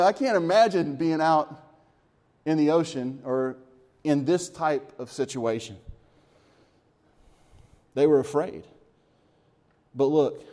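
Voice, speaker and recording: A man preaching a sermon, swinging between lively emphasis and hushed, quiet moments, with chuckles between points. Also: medium pitch. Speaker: pastor.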